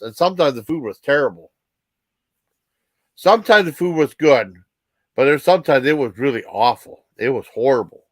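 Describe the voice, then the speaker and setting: Middle-aged guy rambling on his vlog, lots of uh and like, trips over his words, mid-pitch voice. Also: expressive, no echo. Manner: halting, many restarts and fillers. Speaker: vlog host. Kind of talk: rambling personal storytelling.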